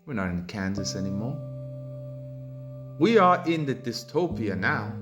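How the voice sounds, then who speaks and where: A man hosting a commentary video, reading out viewer comments and ranting in a mocking, heated way that climbs into loud exasperated outbursts. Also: on the low side, very animated, unhurried, over music. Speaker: commentary channel host.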